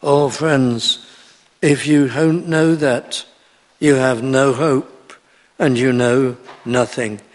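Slow earnest preacher in a reverberant hall. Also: male voice, mid-range voice, steady tone. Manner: earnest, pleading, rising emphasis on key words. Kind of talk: sermon.

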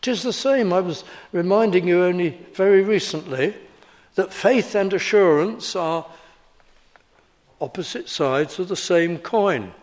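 Older guy preaching, slow deliberate sermon voice, a bit high. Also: lively intonation, a little mellow.

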